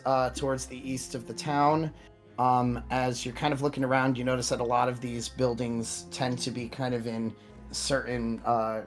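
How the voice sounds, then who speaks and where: A man running a tabletop game as game master, narrating casually with many fillers. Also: medium pitch. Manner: casual, filler-heavy, relaxed.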